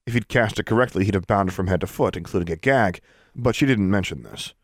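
Low-voiced male storybook narrator. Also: fast, no room sound, studio quality. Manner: steady storytelling, lively intonation. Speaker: audiobook narrator. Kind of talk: scripted fantasy narration.

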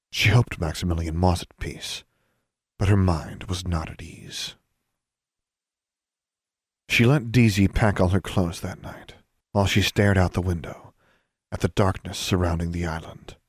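Deep-voiced male audiobook narrator. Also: husky, no echo, studio quality. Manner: measured, even storytelling.

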